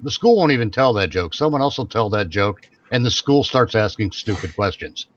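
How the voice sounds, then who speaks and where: Guy co-hosting a podcast, kinda low voice, rambles and restarts a lot, muffled lo-fi audio. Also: animated, a little fast. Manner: rambling, repeats and restarts phrases. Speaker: podcast co-host. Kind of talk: casual chat.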